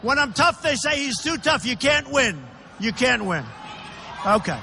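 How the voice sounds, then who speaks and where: A man's voice: very high-pitched, very animated, a little slow, gravelly, background noise. A man giving a campaign rally speech, talking emphatically and repeating himself as he speaks directly to the crowd in a large indoor arena. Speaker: political candidate. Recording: echoey arena reverb.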